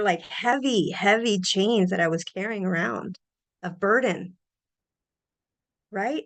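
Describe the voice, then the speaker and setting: A middle-aged woman hosting a podcast, sharing personal reflections in an earnest, animated way with frequent restarts. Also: on the high side. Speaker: podcast host.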